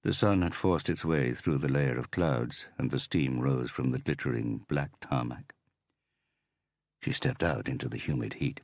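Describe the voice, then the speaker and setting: A man narrating an audiobook in a measured, even reading. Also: rumbling low, no room sound, clean studio sound. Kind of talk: scripted narration.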